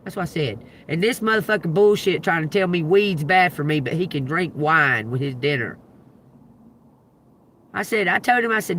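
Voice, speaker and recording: A woman's voice: on the low side, expressive, moderate pace, fairly bright tone, slight background noise. A woman hosting a livestream, telling a story in an emphatic, profane, laughing way. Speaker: livestream host and tarot reader.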